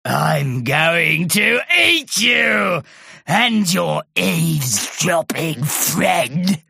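A woman's voice: low voice, big pitch swings, extremely slow, vocal fry, sharp tone, husky, dry recording, studio quality, heavily acted. A woman voicing a sneaky, gloating female sea monster with a gurgling voice, in a storybook reading. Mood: menacing. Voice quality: gurgling, gloating, sing-song menace.

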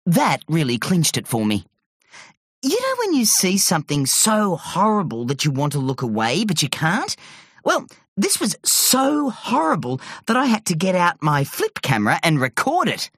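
A woman reading a children's story aloud in a lively, expressive way. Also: on the low side, slightly rough, dry recording, clean studio sound. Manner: lively, quick expressive narration. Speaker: narrator.

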